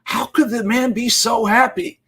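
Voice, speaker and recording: A man's voice: very high-pitched, fairly even intonation, measured pace, a bit bright, husky, pitched above the performer's own voice, heavily acted. A man voicing an amazed fourteen-year-old boy who asks questions in wide-eyed disbelief, within a told story.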